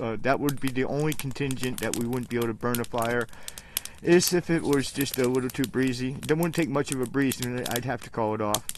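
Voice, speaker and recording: Man, live-stream host, casual and rambling, recorded outdoors with noticeable background noise. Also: medium pitch. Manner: chatty, coaxing his dogs in a sing-song voice. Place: outdoors by a campfire on a mountainside at night. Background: crackling fire, dogs.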